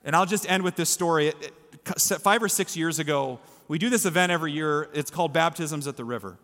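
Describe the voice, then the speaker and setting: A man's voice: a little high, fast talker, fairly bright tone. A man preaching a sermon as pastor, telling a story earnestly in a church. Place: church sanctuary. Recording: reverberant hall with faint music.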